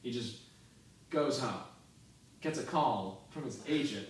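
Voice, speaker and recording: A man co-hosting a comedy podcast, pitching a sketch in loose storytelling and laughing often. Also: animated, takes it slowly, long pauses. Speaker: podcast co-host. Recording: echoey room, mic far off.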